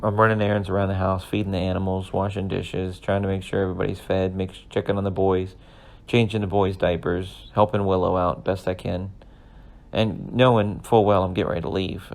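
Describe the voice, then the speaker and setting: Podcast host, thirties man, low and gravelly, earnest rambling storyteller. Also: little pitch movement, moderate pace. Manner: rambling, earnest, emotional at times. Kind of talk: casual storytelling monologue.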